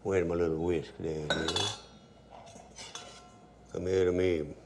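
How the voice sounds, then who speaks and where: Give me an older man with a deep gravelly drawl, chatting through a cooking demo. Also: unhurried, noisy background. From Louisiana. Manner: relaxed drawl, storytelling asides. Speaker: cooking show host. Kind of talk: folksy cooking demonstration.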